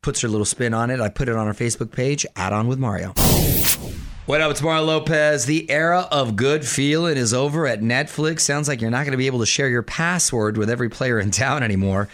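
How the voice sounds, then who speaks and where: A man's voice: medium pitch, a little fast. A man hosting a radio talk show, chatting and joking with energy. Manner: energetic, jokey banter.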